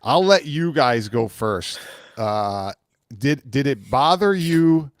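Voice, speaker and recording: A man hosting a casual movie review chat, talking in an animated, emphatic way and often repeating himself. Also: medium pitch, slow, dry recording, clean studio sound. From Italian heritage. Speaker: host.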